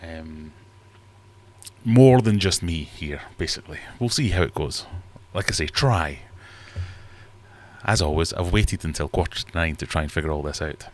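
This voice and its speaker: A man's voice: low-pitched, moderate pace. A man hosting a casual livestream from his fish room, rambling and self-deprecating as he reads chat aloud. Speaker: livestream host.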